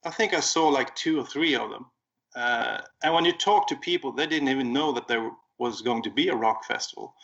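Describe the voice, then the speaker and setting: A man chatting casually as a regular podcast guest, telling a story in an easygoing way with frequent fillers. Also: medium pitch. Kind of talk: casual chat. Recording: dull lo-fi remote audio.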